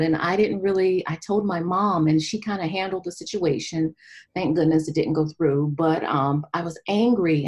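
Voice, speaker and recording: A woman in her forties, a guest on a podcast, telling her personal story in an animated way and dropping to a whisper at times. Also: on the low side, breathy edge. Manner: animated storyteller, drops to a whisper when voicing her inner thoughts.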